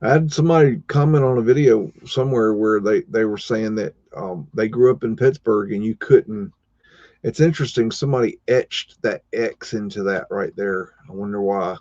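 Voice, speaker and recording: A man's voice: lowish voice, moderate pace, a little mellow, no echo. A man hosting a live show, casually talking through old photos with rambling, chuckling asides. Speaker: host. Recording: dull, dry lo-fi sound.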